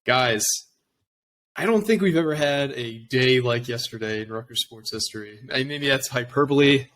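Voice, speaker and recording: A man's voice: mid-range voice, moderate pace, a bit bright, slight background noise. A man co-hosting a sports podcast, talking in an enthusiastic, casual way and leading the conversation. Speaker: podcast co-host.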